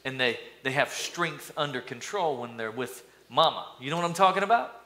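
Male pastor, upbeat sermon, bright tone, banters with congregation. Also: moderate pace, slight background noise. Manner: energetic, playful, calls for responses from the congregation; acts out mock voices with sudden high-pitched bursts.

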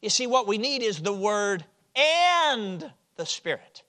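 A man from Chicago preaching a sermon, moving from loud stressed phrases to quiet, low drops. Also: big pitch swings, slow. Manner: swings from loud emphasis to quiet drops, with chuckles.

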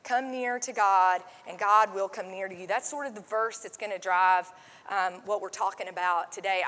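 A woman pastor delivers a sermon in a relaxed, conversational way, leaning on fillers and asides to her congregation. Her voice sits a little high. The sound carries a long, echoing reverb from the sanctuary. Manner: conversational, many fillers like "like" and "um", drops to a soft hush when quoting. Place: church sanctuary.

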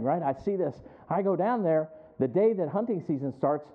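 A man's voice: on the high side, very animated, fairly quick, hardly any pauses. A man preaching a sermon in a conversational way, calling on listeners by name and building to emphatic peaks. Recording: tinny phone-like sound.

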